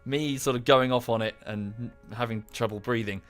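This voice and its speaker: Thirties male streamer, mid-pitched, rambling and ranting into a close mic. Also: fairly even intonation, brisk, faint music behind. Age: 30s. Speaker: game streamer. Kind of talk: casual live-stream chat. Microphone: close to the microphone.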